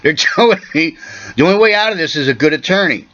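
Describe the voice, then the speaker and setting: A man ranting angrily into the camera, profane and insistent, his voice hoarse and catching. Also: fairly high pitch, animated, quick pace, bright, forceful tone, lo-fi sound, slight background noise. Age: 40s. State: hoarse, coughing. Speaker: vlogger. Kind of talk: angry personal rant to camera.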